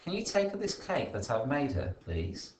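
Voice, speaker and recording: A man's voice: mid-range voice, huge pitch swings, moderate pace, darkish tone, roomy sound, slight background noise, pitched above the performer's own voice. A man doing a sweet coaxing storybook mother. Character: fussing mother of a girl.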